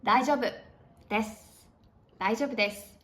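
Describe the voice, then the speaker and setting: A native Japanese woman saying example phrases slowly and carefully for learners. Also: fairly high pitch, a bit bright, echoey room. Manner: slow, careful, clearly spoken. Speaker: host pronouncing example phrases. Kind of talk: clear phrase demonstration.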